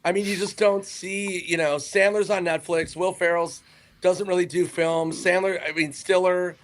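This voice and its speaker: A man's voice: high-pitched, fairly even intonation, normal speed. A man, a comedian and podcast guest, telling loose, rambling anecdotes in casual chat and cutting himself off mid-sentence. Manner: rambling, self-interrupting anecdotes.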